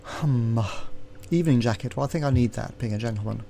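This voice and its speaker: A man casually playing a text adventure game, reading it aloud and thinking out loud as he clicks through. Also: medium pitch, brisk, gravelly, slight background noise. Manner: chatty, unsure, thinking aloud. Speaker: let's play host.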